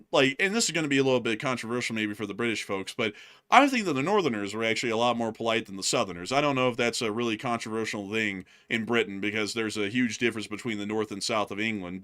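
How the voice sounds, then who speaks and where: A man's voice: medium pitch, bright, forceful tone. A man from the United States co-hosting a livestream, chatting in a rambling, emphatic way. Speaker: news channel co-host. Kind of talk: casual livestream chat.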